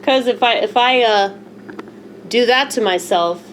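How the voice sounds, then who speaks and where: A woman's voice: a little high, unhurried, background noise. A woman vlogger talking candidly to the camera, blunt, a little profane, emotional and self-mocking. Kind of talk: candid casual talk to camera.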